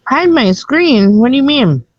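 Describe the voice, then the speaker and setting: A woman's voice: high-pitched, expressive, measured pace, dry recording. A woman co-hosting a casual live stream, teasing people, swearing and breaking into laughter. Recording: dry, slightly muffled lo-fi audio.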